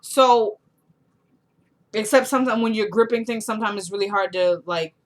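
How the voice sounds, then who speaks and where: A woman giving a casual, animated recap of a TV episode as a reviewer, telling the story in colloquial speech and acting out the characters' lines. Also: medium pitch, normal speed.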